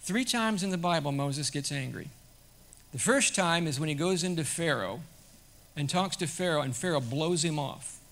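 Guy preaching a sermon, kinda high bright voice, chatty then gets loud n punchy. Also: lively intonation, normal speed. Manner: conversational preaching, swelling to loud emphatic peaks. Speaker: pastor.

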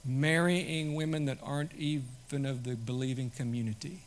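A man preaching a sermon to his congregation in a conversational way that swells to loud, emphatic peaks. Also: medium pitch, steady tone, moderate pace. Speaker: pastor.

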